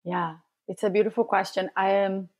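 A woman who works as a spiritual coach, talking as a podcast guest in a soft, reflective, emotionally open way with pauses and fillers. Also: mid-range voice, level tone. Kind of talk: casual podcast conversation.

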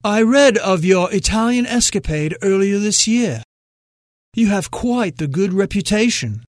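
A man's voice: sits high, expressive, unhurried, no room sound. A man voicing an old british collector, upper-class accent, slightly slurred, formal, pleading, storybook.

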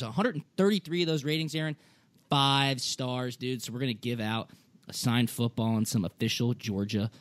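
A man's voice: medium pitch, dry recording. Male sports podcast host, easygoing and chummy, dry close recording. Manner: laid-back, chummy, says "dude" and "man". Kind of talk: casual sports podcast chat.

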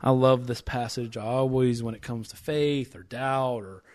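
A man's voice: medium pitch, fairly even intonation, normal speed, a little mellow. A man hosting a casual faith discussion, talking things through conversationally with restarts and reading scripture aloud with rising emphasis.

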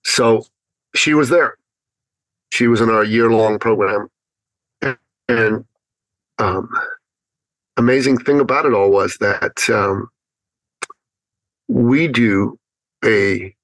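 Animated storytelling man, dry sound. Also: mid-range voice, unhurried, pauses often, dry recording, poor audio. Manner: animated storyteller who acts out his inner thoughts. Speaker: podcast guest, business speaker. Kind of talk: storytelling in an interview.

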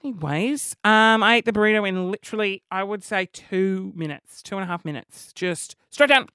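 A man's voice: high voice, moderate pace, clean tone, dry recording, studio quality. A young Australian man hosting a solo comedy podcast, rambling and making fun of himself. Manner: rambling, self-mocking, animated. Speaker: podcast host.

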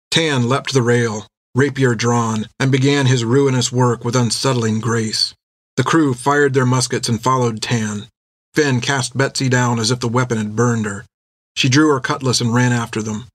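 A man's voice: medium pitch, fairly bright tone, no room sound. Man narrating an audiobook, dry close sound. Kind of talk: scripted narration.

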